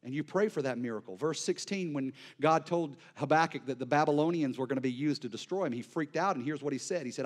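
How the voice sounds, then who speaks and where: A male pastor delivering an impassioned sermon, swinging between near-shouted peaks and hushed, quiet lows. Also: quick pace, few pauses.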